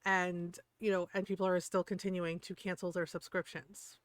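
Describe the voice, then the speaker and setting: A woman's voice: fairly low pitch, flat delivery, moderate pace, dry recording. A woman streamer from the United States in a heated, profane rant, laughing between points. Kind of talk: casual ranting chat.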